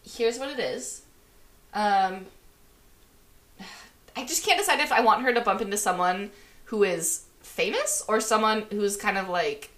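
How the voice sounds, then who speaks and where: A woman's voice: mid-range voice, a bit bright. Rambling woman improvising a story. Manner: rambling, heavy on "like" fillers. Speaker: podcast co-host. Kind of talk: casual chat, improvising a story.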